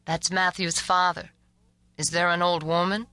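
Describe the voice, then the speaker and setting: A woman's voice: on the low side, level tone, a little slow, pushed and bright, clear, resonant tone, no echo. A woman reading a blunt, laconic man on the phone. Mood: matter-of-fact. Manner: blunt, matter-of-fact. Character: laconic man, the caller cousin.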